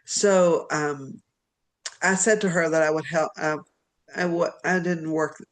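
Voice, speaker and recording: A woman from Virginia, a literary agent, telling stories as a podcast guest in an animated, rambling way. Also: sits low, slow pace. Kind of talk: storytelling in an interview.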